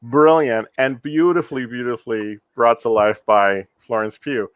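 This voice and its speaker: A man's voice: medium pitch, fairly even intonation, moderate pace, smooth, no echo. A man hosting a casual movie review podcast, leading the talk and laughing easily. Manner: leads the discussion, laughs easily. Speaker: podcast host.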